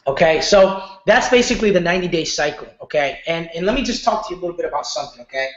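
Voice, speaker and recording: A man teaching an online marketing lesson in a casual, animated way, often checking in with "okay?" and slipping into slang. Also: on the high side, rapid-fire. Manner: animated, repeats "okay?", loose slangy talk. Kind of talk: casual training lecture. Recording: very echoey, muffled room.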